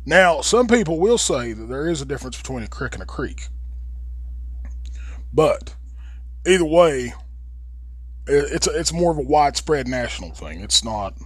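Husky, blunt Appalachian man. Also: mid-range voice, sing-song, normal speed, long pauses, no room sound. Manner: profane, rambling and blunt. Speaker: podcast host. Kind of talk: casual monologue.

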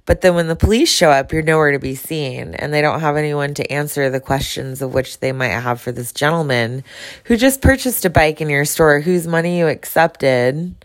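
A woman's voice: deep voice, moderate pace. A woman talking bluntly and outspokenly in a casual personal monologue, swearing freely. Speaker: vlogger.

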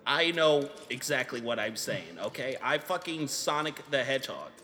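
A man's voice: mid-range voice, expressive, moderate pace, pushed and bright, slight background noise. A man playing a brash, boastful male cartoon hedgehog in a mock debate. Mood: cocky.

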